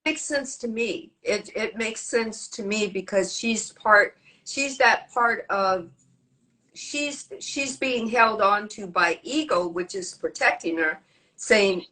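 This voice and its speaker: A woman in a casual podcast conversation. She explains her ideas haltingly and restarts phrases as she searches for words. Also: mid-range voice, pushed and bright, low-quality recording. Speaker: podcast guest.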